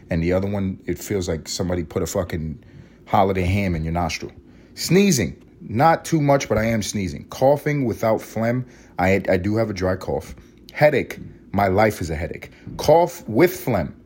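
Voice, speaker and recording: A congested young man rants on his own podcast, sarcastic and swearing freely. His voice sits low and sounds husky and rough from a cold, with an occasional sniffle. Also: darkish tone. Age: young adult. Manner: profane, sarcastic, ranting. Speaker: podcast host. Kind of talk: casual solo podcast rant.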